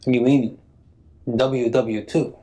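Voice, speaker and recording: Prim, formal male interviewer, mid-pitched, deadpan. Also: takes it slowly.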